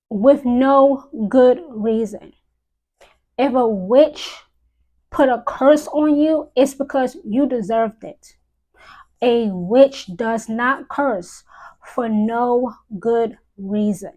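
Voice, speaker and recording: A woman speaking as a high priestess on a live stream, solemn and deliberate, repeating key phrases for emphasis. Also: low-quality recording. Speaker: witch giving a live-stream talk.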